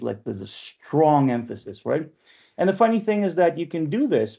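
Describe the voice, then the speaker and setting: A man's voice: on the high side, gravelly, mellow, muffled recording. A man leading an online poetry workshop, talking in a chatty way and often checking in with "right?", heard over a video call. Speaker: workshop leader and press editor.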